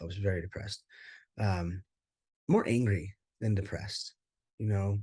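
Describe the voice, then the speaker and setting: A man's voice: lowish voice, a little slow, pauses often, a little mellow, husky, no room sound. A man telling his life story in an interview, candid and rambling, with many fillers and casual swearing. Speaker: interview guest, former pro fighter.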